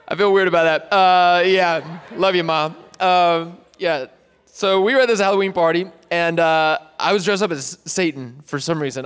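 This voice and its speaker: A man's voice: a little high, fairly bright tone, clear, resonant tone, big-room sound. A young man from East Tennessee giving a casual sermon as pastor, chatty and self-deprecating, joking with the crowd.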